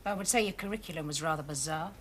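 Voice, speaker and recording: An actress playing a brisk, dry-witted woman police detective and mother in a TV drama. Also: low voice, a little hiss or hum, lightly acted. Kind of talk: 1980s TV police drama acting. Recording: TV soundtrack with music behind.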